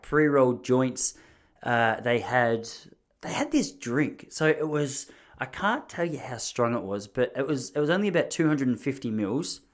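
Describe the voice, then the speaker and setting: An Australian man hosting a podcast, telling stories in a casual, rambling, self-deprecating way. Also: medium pitch. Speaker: podcast host. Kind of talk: casual storytelling monologue.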